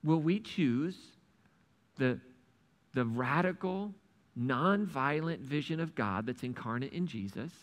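A man preaching a sermon, retelling a parable with lively acted-out dialogue. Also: a little high, slow. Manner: animated storytelling, acts out the characters' lines. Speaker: pastor.

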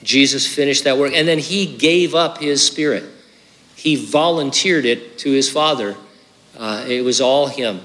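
A man's voice: mid-range voice, measured pace, fairly bright tone, long reverb tail. A man preaching a sermon as pastor, earnest and conversational, with hiccups and casual asides.

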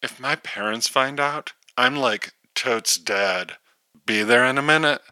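A man's voice: mid-range voice, measured pace, bright, forceful tone, smooth, no room sound. A man voicing a bored teenage valley girl who drawls through slang and fillers. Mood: grudging.

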